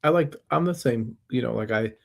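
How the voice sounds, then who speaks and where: A man's voice: medium pitch, fairly quick, gravelly. A man hosting a casual podcast chat, agreeing and chiming in with short replies.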